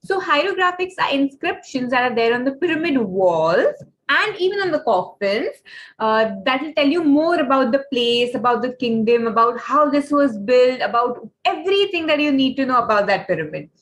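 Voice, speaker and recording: A woman's voice: sits high, sing-song, moderate pace, a bit bright, rough recording. A young woman telling a story to a children's class, dramatic and asking the kids questions.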